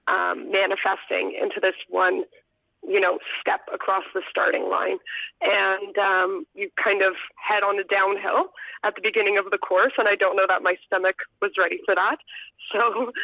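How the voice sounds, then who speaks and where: A woman's voice: mid-range voice, vocal fry, no room sound. A young adult woman, an elementary school teacher, telling a personal story in an earnest, heartfelt way as a guest over the phone. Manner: earnest, heartfelt, sometimes choked up. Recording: tinny phone line, dry.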